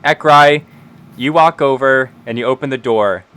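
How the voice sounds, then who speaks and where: A man running a tabletop game as game master, narrating scenes in a relaxed way with frequent fillers. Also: medium pitch, moderate pace, smooth.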